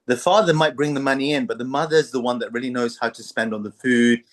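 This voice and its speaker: This is a man in the middle range of pitch, a guest on a conversational podcast. He tells stories with energy and laughs often as he talks. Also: fast talker. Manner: animated, laughs often while telling stories. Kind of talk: storytelling in conversation.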